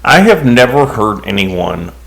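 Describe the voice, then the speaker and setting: A man's voice: on the low side, sing-song, a little slow, creaky, fairly bright tone. A man co-hosting a podcast in casual chat, rambling and hesitant, restarting his sentences often. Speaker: podcast co-host.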